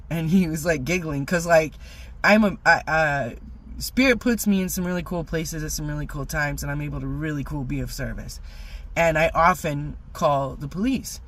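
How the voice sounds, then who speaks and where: A middle-aged woman telling a rambling personal story in a casual vlog, animated and full of fillers. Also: sits low, normal speed. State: teary-eyed. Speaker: vlogger.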